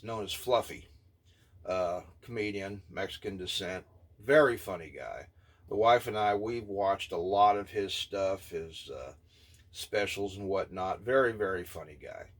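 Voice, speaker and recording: A man in his fifties giving an indignant, scornful opinion rant, blunt and halting, with many filler pauses. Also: lowish voice. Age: 50s. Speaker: vlogger.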